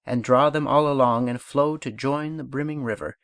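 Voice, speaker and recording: A man narrates an audiobook in a mid-range voice, reciting poems and speaking lessons at a measured, deliberate pace. The recording is close and dry, with no room sound around him. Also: medium pitch, steady tone, fairly bright tone, no room sound. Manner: measured, unhurried recitation of verse and instruction. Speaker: audiobook reader.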